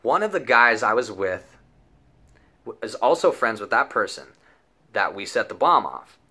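A man's voice: lowish voice, normal speed, slightly rough. A young man telling a story casually, rambling and swearing as he acts out what people said. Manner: profane, rambling, animated storytelling with acted-out quotes. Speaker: vlogger.

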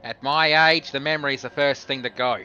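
Dry-joking man, bright voice. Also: medium pitch, steady tone, fairly quick, muffled recording. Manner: dry joking, casual swearing. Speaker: co-player on stream. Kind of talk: casual game chat.

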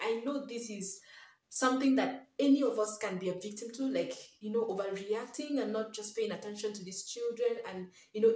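A woman's voice: mid-range voice, a little mellow, recorded from a distance. Emphatic mother giving parenting advice, echoey room. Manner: emphatic, repeats key phrases, pleading. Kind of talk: earnest advice to camera.

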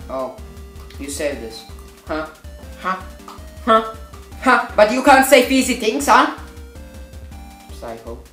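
Foul-mouthed woman yelling over a football game. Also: mid-range voice, slow, long pauses. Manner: swears a lot, swings from mutters to excited shouting. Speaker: gamer. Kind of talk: let's-play commentary. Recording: roomy echo. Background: faint background music.

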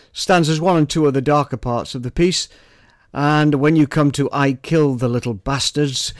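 A man reading scripture and his own poem in a measured, dramatic way, with a few plain spoken notes in between. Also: mid-range voice, dry recording, clean studio sound. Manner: measured, dramatic recitation with dropped, hushed asides. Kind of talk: poetry and scripture reading with commentary.

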